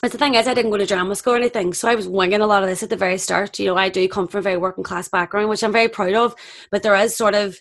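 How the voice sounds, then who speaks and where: Young actress, rapid and lively, acts out the voices in her anecdotes. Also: mid-range voice, gravelly. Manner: animated, acts out quoted voices. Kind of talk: casual chat, storytelling.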